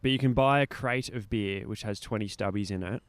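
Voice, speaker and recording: A young Australian man co-hosting a podcast in laid-back casual chat, dropping low and quiet as he retells a story. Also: fairly quick. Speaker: podcast co-host.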